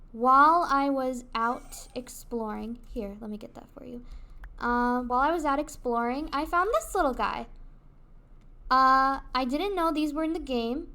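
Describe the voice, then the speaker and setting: A woman's voice: high-pitched, fairly bright tone. A woman streaming a video game, chatting casually with her viewers in a giggly, rambling way. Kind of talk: casual gaming livestream chat.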